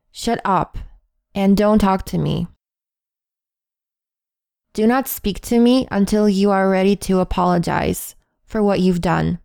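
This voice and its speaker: Woman, phrase-list reader, very slow, dry close sound, calm and deliberate. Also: medium pitch, creaky, clean tone, no echo. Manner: calm, measured, deliberate pauses between phrases.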